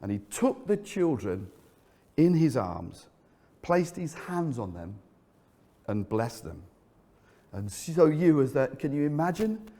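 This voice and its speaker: A man preaching in a church hall, his voice sitting a little high and trailing off in a long reverb. He tells the story with animated energy, then sinks low and quiet to drive a point home. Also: slow, pauses often. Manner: storytelling, vivid and animated, drops low for emphasis. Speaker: pastor. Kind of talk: sermon.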